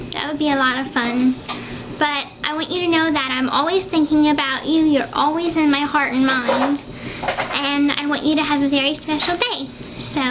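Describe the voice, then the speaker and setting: A woman recording a personal video message at home, soft and affectionate with a touch of nervousness. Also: high-pitched, noisy background. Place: home, indoors.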